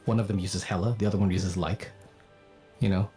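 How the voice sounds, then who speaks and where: Streamer, man, raised in the Philippines, low voice, casual and animated, faint music under him. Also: fairly quick. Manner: animated, swearing, laughs often. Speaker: streamer and voice actor. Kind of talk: casual chat on a livestream.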